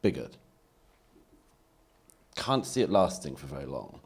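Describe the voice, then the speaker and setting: A man's voice: a bass voice, normal speed, darkish tone, breathy edge. A man giving wry, articulate, polemical remarks as a speaker on a debate panel.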